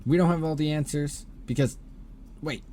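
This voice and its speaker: A man's voice: a little high, normal speed, warm tone, a little hiss or hum. A man hosting a podcast, recounting a case in casual chat with frequent fillers. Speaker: podcast host.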